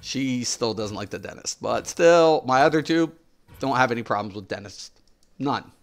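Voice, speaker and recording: A man's voice: medium pitch, expressive, moderate pace. A middle-aged man streaming games, ranting with exasperation, repeating his points emphatically and swearing as he talks to his viewers. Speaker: game streamer.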